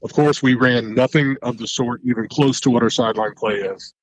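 A man's voice: medium pitch, brisk, poor audio. A man, a head coach, telling a long game story in a casual podcast chat, rambling and correcting himself as he goes. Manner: animated, rambling recounting with self-corrections.

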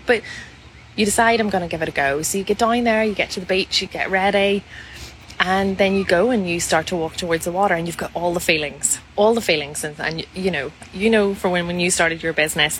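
A woman talks through a solo podcast episode in an earnest coaching tone, slipping into quoted inner doubts as she goes. Her voice sits a little low for a woman. A faint noise hums under the recording. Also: a bit bright, rough recording. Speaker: podcast host. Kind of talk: reflective solo podcast monologue.

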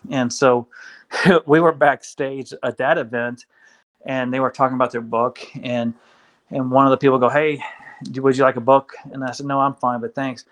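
A man, a guest on an interview show, telling his story in a casual, animated way, acting out the voices of people he quotes. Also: mid-range voice, normal speed. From Kentucky.

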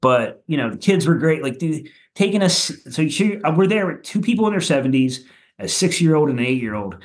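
A man from Philadelphia chats as a podcast guest in a loose, profane way. He pads his talk with "like" and "you know", and his voice climbs higher when a story gets funny. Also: brisk. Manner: animated, goes higher when telling funny bits. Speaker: punk rock musician guest.

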